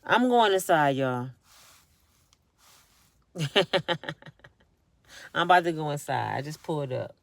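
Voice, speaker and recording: A middle-aged vlogger sits in a parked car, addressing her viewers in a low, creaky, expressive voice. She speaks slowly with frequent pauses and no room sound, sounding tired yet emphatic.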